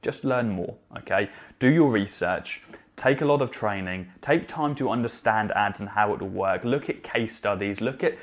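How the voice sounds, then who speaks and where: A man's voice: fairly low pitch, moderate pace. A man giving direct, emphatic coaching advice in a vlog, often adding "okay?" to press a point. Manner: emphatic, repeats "okay?" to drive points home. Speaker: social media marketing coach.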